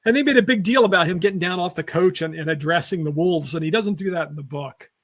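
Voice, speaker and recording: A man's voice: sits high, quick pace, fairly bright tone. A man hosting a casual film discussion, rambling through film trivia with many fillers and restarts. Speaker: podcast host.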